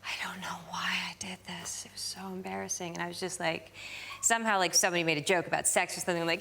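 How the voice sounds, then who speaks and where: Woman telling an embarrassing story on a talk show, lowish voice, faint noise behind. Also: steady tone, fast talker, gravelly. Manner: self-mocking, chatty storytelling. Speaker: guest. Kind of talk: chat show anecdote.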